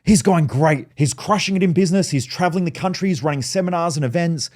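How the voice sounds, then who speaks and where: Fretful middle-aged mum, higher pitched, pleading, voiced by a man retelling a story. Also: fast, a little mellow, lightly acted. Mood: proud. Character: worried then proud middle-aged mother.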